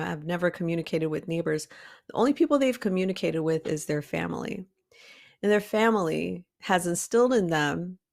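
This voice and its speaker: A woman hosting a motivational talk for artists, preachy and emphatic, with sudden high rises on key words. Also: creaky. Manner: emphatic and preachy, calls listeners "baby cakes". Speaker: art coach and podcast host.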